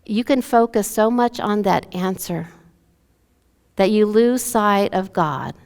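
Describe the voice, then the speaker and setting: A woman pastor preaches a sermon in a church sanctuary, telling a story and acting out the lines of both speakers, her dad included. Her mid-range voice is slow, a little mellow, clear and resonant, with the long reverb of a church hall.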